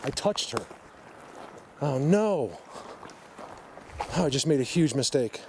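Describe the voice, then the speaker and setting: A man's voice: medium pitch, animated, slow pace. A man vlogging from the woods on a handheld camera, emotional, speaking soothingly and fretting to his viewers. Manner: emotional, soothing and fretful, addresses viewers directly. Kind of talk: on-the-spot nature vlog. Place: outdoors in the woods. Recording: outdoor noise behind the voice.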